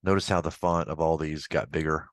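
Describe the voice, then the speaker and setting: Very deep-voiced man teaching casually. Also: fairly even intonation, fairly quick, dry recording. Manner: casual, chatty, with offhand asides. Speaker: accounting instructor. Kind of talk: screen-recorded software tutorial.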